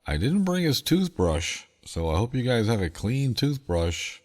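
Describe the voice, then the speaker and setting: A man voicing a stern father who calmly plays a prank on his son, in a dry, matter-of-fact way. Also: medium pitch, unhurried, long reverb tail, pitched above the performer's own voice. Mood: deadpan.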